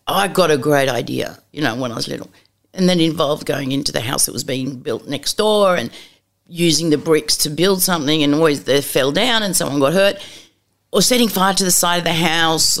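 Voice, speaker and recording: A middle-aged woman telling candid stories as an interview guest, bluntly and with acted-out dialogue. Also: fairly low pitch. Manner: blunt and lively, acts out dialogue, casual swearing.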